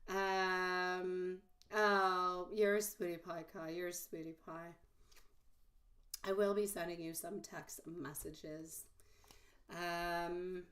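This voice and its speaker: A woman with a husky voice, hoarse from a mild cold, giving a live-stream tarot reading and calling her viewers sweetie and my love. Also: lowish voice. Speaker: tarot reader.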